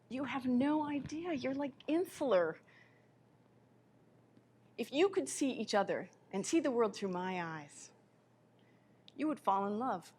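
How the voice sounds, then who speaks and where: A woman giving a live spiritual lecture in an impassioned way, her voice swinging between soft, quiet passages and sudden loud ones. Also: fairly high pitch, expressive, a little slow, long pauses, a little hiss or hum.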